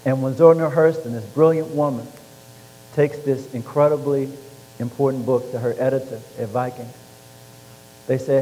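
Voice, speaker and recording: A man recounts his life onstage and slips into the voices of the people in his stories. His tone is warm and mellow. The sound rings in a large reverberant hall over a faint hum. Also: mid-range voice, normal speed, long pauses. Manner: animated storyteller acting out quoted voices. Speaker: author and former football player. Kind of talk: storytelling interview.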